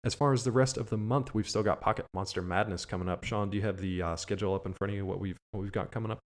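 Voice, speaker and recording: A man's voice: fairly low pitch, steady tone, rapid-fire. A man co-hosting a podcast, chatty, running through plugs and sign-offs with light jokes. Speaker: podcast co-host. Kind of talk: casual podcast chat.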